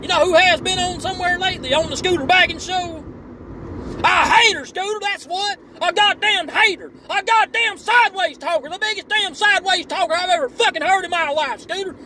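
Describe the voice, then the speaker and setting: A man voicing a loud, foul-mouthed, hot-tempered male superfan in a comedic rant video, drawling and cursing in a Southern US accent. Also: very high voice, fairly quick, slight background noise, pitched above the performer's own voice, exaggerated voice.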